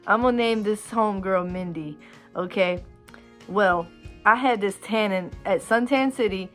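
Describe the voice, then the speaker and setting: A woman casually telling funny personal stories to her viewers, acting out what people said in a raised voice. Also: a little high. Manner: animated, acts out quotes in a raised voice. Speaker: storyteller vlogger. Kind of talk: casual storytime chat.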